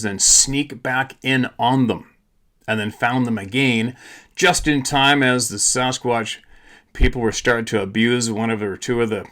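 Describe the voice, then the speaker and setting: A man's voice: medium pitch, a bit bright. A tired man hosting his own channel, talking to viewers in a blunt, casual monologue with swearing, repeats and restarts. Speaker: channel host.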